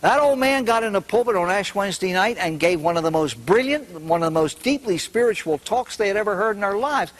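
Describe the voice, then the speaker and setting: A man's voice: high voice, animated, fairly quick, few pauses, poor audio. An older man, a priest, telling humorous stories animatedly and acting out the characters. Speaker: priest and speaker. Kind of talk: humorous storytelling talk.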